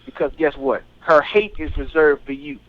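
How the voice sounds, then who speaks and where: A man's voice: a little high, normal speed, muffled recording. A male radio talk show host giving heated, preachy political commentary and often asking if listeners understand. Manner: fiery, preachy, keeps asking "you understand?".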